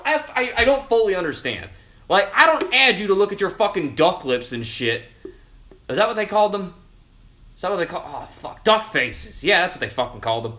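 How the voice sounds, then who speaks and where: Bright-voiced young man ranting profanely. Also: big pitch swings, fairly quick. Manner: profane, loud ranting with sudden pitch jumps. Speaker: podcast host. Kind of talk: casual ranting monologue.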